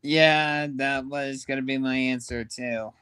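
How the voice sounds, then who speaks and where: A man in casual chat, chiming in with brief, quiet remarks. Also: medium pitch, fairly even intonation, a little slow, smooth, dry recording.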